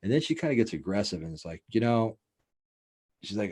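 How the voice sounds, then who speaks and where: A show host with a lowish, darkish-toned voice tells a casual story, sounding animated and talking fast. The telling is loose and rambling, heavy on swearing and filler words.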